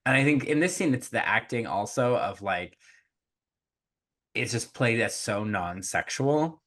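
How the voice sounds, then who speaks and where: A man's voice: medium pitch, expressive, unhurried, a bit bright. A man co-hosting a podcast, talking casually about a movie with lots of "like" and "you know," often laughing. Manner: chatty, filler-heavy, laughs easily. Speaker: podcast co-host. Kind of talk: casual film discussion.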